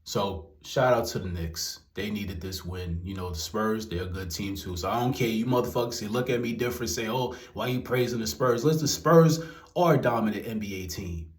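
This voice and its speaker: A man's voice: on the low side, brisk. Young New guy, exasperated profane rant, roomy echoey room. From New York. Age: young adult. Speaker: commentary vlogger. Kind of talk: ranting commentary. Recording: roomy echo.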